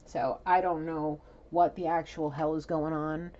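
A woman giving a casual spiritual reading, telling what she sees in a chatty, animated way full of fillers. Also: deep voice, measured pace, lo-fi sound. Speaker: tarot reader.

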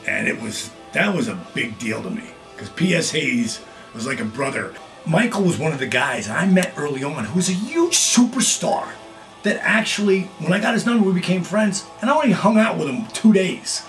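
A middle-aged man hosting his own video blog, telling casual stories with lively acted-out quotes. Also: a little high, moderate pace, soft background music. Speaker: vlog host, former wrestler. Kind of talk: casual storytelling.

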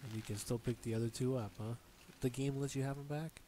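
Playful man co-hosting a couples game stream, mid-pitched, steady hiss in the background. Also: fairly quick. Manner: teasing, joking, playfully mocking. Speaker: co-host of a family let's play. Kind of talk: casual couple gaming chat.

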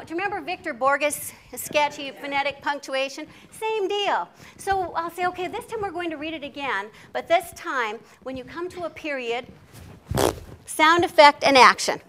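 Bright, high-voiced woman presenter. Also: a little hiss or hum. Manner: lively, chatty, self-deprecating, with laughs. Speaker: literacy presenter. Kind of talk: workshop talk to teachers.

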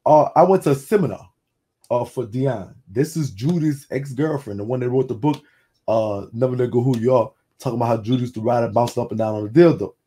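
Husky-voiced man with a Louisiana accent. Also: medium pitch, brisk, mellow. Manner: loose, repetitive storytelling with frequent restarts and cursing. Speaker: host. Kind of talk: casual call-in talk with testimony.

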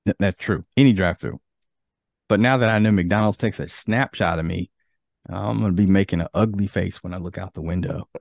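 A man's voice: sits low, brisk, vocal fry, a little mellow, no echo. A man hosting a podcast in casual chat, easygoing and reading from an article. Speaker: podcast host.

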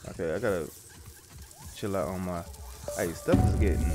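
A man's voice: lowish voice, sing-song, brisk, pauses often. A man streaming a game in casual commentary, jumpy and easily startled, talking in slang to his viewers. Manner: jumpy, swears and laughs when startled; casual slang, addresses viewers as bro and y'all. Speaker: gaming streamer. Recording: game music in the background.

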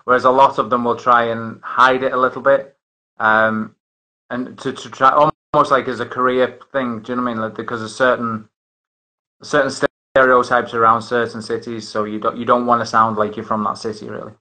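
A man's voice: medium pitch, little pitch movement, fairly quick, sharp tone, poor audio. A man hosting a casual chat, rambling with many restarts and fillers. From northern England. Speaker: host.

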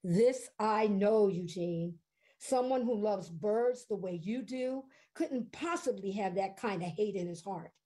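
A woman voicing a gentle male principal. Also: medium pitch, close to an everyday voice. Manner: gentle, slow and reassuring. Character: calm, kind male school principal.

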